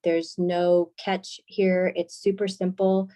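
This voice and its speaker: A woman's voice: fairly low pitch, little pitch movement, slow, dark tone. A woman working as a college scholarship specialist, giving an informational presentation on a video call in a friendly, explanatory way with frequent filler words.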